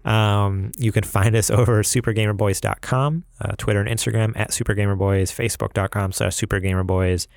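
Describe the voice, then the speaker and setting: A man's voice: fairly low pitch, steady tone, a little fast, vocal fry, few pauses, dry recording, studio quality. A man from upstate New York co-hosting a casual podcast, chatting and reading plugs with frequent laughs. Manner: laughs often, reads plugs with rambling asides. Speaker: podcast co-host.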